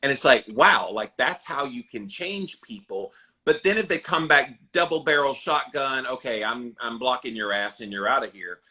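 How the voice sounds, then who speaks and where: A middle-aged man hosting a podcast, talking calmly and frankly and laughing between points. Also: medium pitch, normal speed. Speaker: podcast host. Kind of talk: casual podcast chat.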